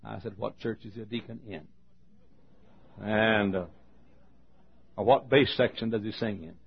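A low, gravelly male preacher tells a story from the pulpit, his voice husky and worn. He swings from loud emphasis to hushed asides. The recording sounds dull and lo-fi. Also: fairly even intonation, unhurried. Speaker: pastor. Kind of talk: storytelling sermon.

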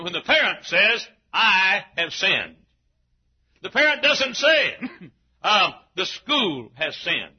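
A man preaching an emphatic sermon in a church, often shouting. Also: sits high. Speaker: pastor. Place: church sanctuary. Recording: dull, husky lo-fi church recording.

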